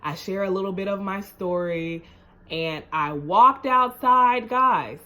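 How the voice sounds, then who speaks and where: A woman's voice: medium pitch, unhurried, sharp tone. A woman vlogger telling a story to camera in a casual, chatty way. She speaks earnestly and emotionally, repeats herself, keeps asking "you know what I'm saying?", and builds to rousing encouragement.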